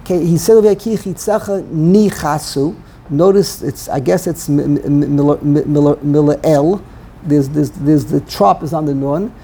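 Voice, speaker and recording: A man teaching a text study class, thinking aloud in a halting way and often repeating words. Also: on the high side, creaky, mellow, slightly rough.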